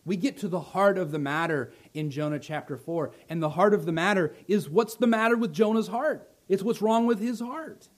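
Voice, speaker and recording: A male pastor preaching a sermon, building to loud emphatic lines, then dropping soft and slow. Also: high voice.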